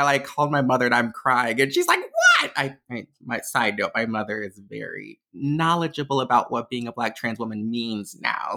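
A young adult woman, a podcast guest and diversity educator, telling stories casually and animatedly, laughing often between phrases. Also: sharp tone. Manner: acts out quotes in a much higher voice. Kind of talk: casual conversational storytelling.

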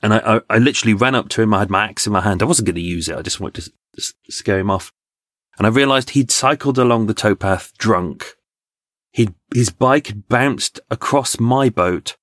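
A man, a podcast guest, telling lively stories in conversation with restarts and laughs. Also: fairly low pitch, fairly quick, no echo, clean studio sound. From England. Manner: animated anecdotes, frequent laughs and restarts. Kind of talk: storytelling in conversation.

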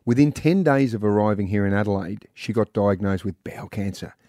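A man's voice: lowish voice, brisk, warm tone, no room sound, studio quality. An Australian man co-hosting a radio show, upbeat and jokey, reading promos and introducing guests. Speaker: radio co-host. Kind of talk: breakfast radio banter. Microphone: studio microphone.

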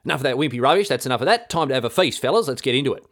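A man's voice: mid-range voice, expressive, very fast, a bit bright. A man doing a breezy scheming queen. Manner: casual matey slang, dismissive.

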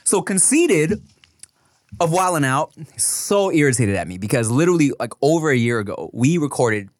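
A man's voice: fairly high pitch, moderate pace, dry recording, studio quality. A young man co-hosting a casual podcast, telling stories in a loose, profane way and laughing often. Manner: laughs often, swears freely, animated storytelling. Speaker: podcast co-host.

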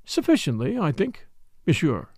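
A man's voice: fairly high pitch, huge pitch swings, moderate pace, darkish tone, no room sound, studio quality. A man reading an audiobook voices a reserved young Englishwoman who answers politely but guardedly.

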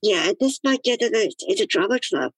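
A woman guest chats on a podcast in a thoughtful, musing way. Her pitch moves a lot as she works through ideas. The sound is close and dry. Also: animated, fairly quick, slightly rough, dry recording, low-quality recording. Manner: thoughtful, musing, with many "you know" fillers. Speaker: guest, disability activist. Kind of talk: casual podcast chat.

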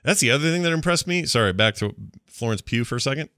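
A man's voice: mid-range voice, fast talker, clean tone, no echo, studio quality. A man co-hosting a podcast in casual, joking chat. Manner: animated, chatty, joking. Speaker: podcast co-host.

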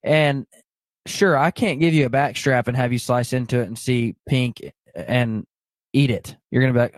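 A man's voice: mid-range voice, normal speed, dry recording. A man hosting a podcast in casual chat, making his points in an emphatic, preachy way. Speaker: podcast host.

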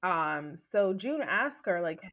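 A woman's voice: on the low side, slow pace, muffled recording. A woman hosting a podcast, animatedly recapping a TV episode and acting out the characters' lines. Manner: animated storytelling, acts out quotes. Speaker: podcast host.

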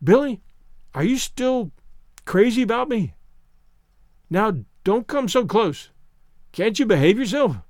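A man's voice: sits high, very animated, slow pace, pauses often, a little mellow, no echo, studio quality, voice pushed up, heavily acted. Man voicing a shy flustered young woman. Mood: coy.

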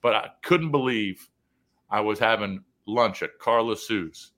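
A middle-aged man with a bright, forceful voice spins a casual road-trip tale on a talk show. He slips into the voices of the people he met as he tells it. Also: lowish voice, measured pace. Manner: animated, acts out quoted dialogue in the story. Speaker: co-host telling a travel story. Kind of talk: casual storytelling chat.

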